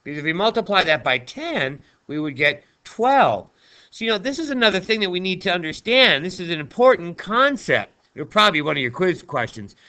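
A man's voice: fairly high pitch, pushed and bright. A male math teacher talking through a screen-recorded lesson in a chatty, playful way, chatting to himself as he writes.

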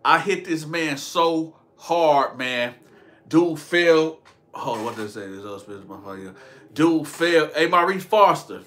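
A man's voice: on the high side, animated, unhurried, a bit bright. A young man telling a rambling, slangy prison and street story to his viewers, often laughing at himself. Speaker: storytelling vlogger. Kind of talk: casual storytime monologue.

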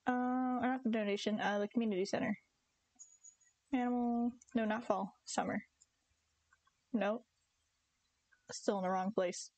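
A young woman chats casually while streaming a game, giggly and talkative. Her voice sits a little high and sounds dry and close, with no room around it. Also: steady tone, a little slow, long pauses, darkish tone, no echo, highs cut off. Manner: chatty, giggly, talks to her cats and chat. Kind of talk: casual live-stream chat.

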